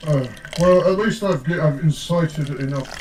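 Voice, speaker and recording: A man's voice: fairly high pitch, moderate pace, darkish tone. A British man chatting casually on a stream, teasing and rambling with restarts. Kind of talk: casual chat. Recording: distant, roomy, with faint noise.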